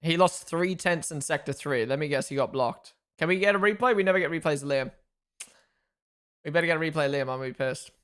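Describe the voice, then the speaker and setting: This male host has a slightly high, clean-toned voice and a fast delivery. During his live race watchalong he gets excited about the action, chats easily with the audience, reads their comments, and thanks followers.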